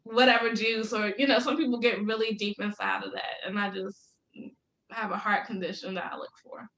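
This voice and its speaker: A woman's voice: fairly high pitch, steady tone, normal speed, fairly bright tone. A woman in her thirties, a business coach talking as a podcast guest, upbeat and laughing often as she tells stories. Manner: upbeat, laughs often, faith-filled storytelling. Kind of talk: casual interview chat. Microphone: video call. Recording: roomy echo.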